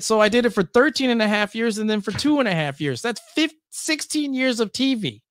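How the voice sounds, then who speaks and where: A middle-aged man from the Lansing area telling stories as a podcast guest. His voice sits high and swings widely, and he acts out other people's lines. The sound is close and dry. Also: fairly quick, hardly any pauses, dry recording. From Lansing, Michigan area. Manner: lively, acts out quotes with big pitch jumps. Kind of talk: animated storytelling in casual conversation.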